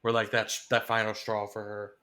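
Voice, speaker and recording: A man co-hosting a podcast who chats casually and muses about favorite scenes, trailing off into quiet asides. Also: fairly low pitch, monotone, brisk, smooth. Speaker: podcast co-host. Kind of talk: casual chat.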